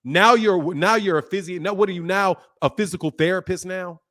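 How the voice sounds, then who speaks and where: This boxing channel host, a middle-aged man streaming live from his desk at home, jeers at a caller and laughs repeatedly while hunched over his computer mic. He talks fairly quickly in a high, slightly bright voice during the heated exchange.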